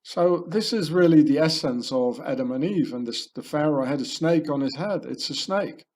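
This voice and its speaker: A man's voice: on the high side, moderate pace, a little mellow. A man narrating a conspiracy video in a rambling, ranting voice-over, full of fillers and restarts.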